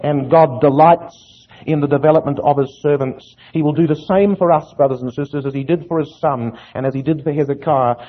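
A man preaching an earnest Bible sermon in a high, husky voice. He often puts rhetorical questions to his listeners. The recording is thin and tinny, like a phone line. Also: steady tone, brisk, hardly any pauses.

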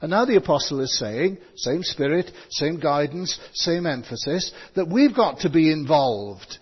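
A man preaching a sermon, reading scripture and slowing down to stress key words. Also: on the high side, lively intonation, slightly rough. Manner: stresses words, slows for emphasis. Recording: dull sound with long hall reverb.

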